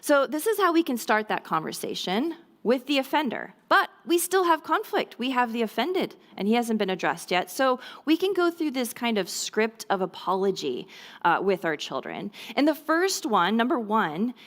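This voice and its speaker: A woman's voice: a little high, sing-song, normal speed, a bit bright. A woman giving a conversational church talk to mothers about resolving conflict with children, often checking in with "okay?" and "right?" and briefly acting out kids' lines. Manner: acts out children's voices in brief quoted lines. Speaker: speaker at a mothers' ministry talk. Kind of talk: church teaching talk on parenting.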